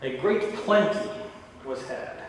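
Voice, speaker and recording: Male pastor, relaxed conversational sermon; long hall reverb, faint noise underneath. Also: on the high side, slow pace. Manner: conversational preaching with asides and quoted dialogue. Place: large church sanctuary. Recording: echoey church hall from far off.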